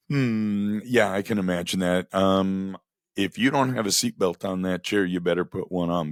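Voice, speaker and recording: A man telling casual stories about running a radio station, acting out the dialogue with lively energy. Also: deep voice, no echo, studio quality. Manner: animated, acts out quoted dialogue. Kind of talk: casual storytelling monologue.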